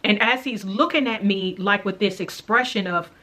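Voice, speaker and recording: A woman's voice: mid-range voice, bright, forceful tone. Earnest woman recounting a dream. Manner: earnest, reflective, recounting slowly with repetitions. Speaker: faith vlogger sharing a dream. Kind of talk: casual spoken storytelling.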